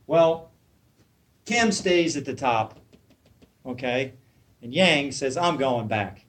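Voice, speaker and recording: A man's voice: medium pitch, expressive, slow, fairly bright tone, a little hiss or hum. A man telling a teaching story to a small group, asking them questions and acting out what his characters say. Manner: storytelling, asks the listeners questions, acts out quotes. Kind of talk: spoken dharma talk to a small group.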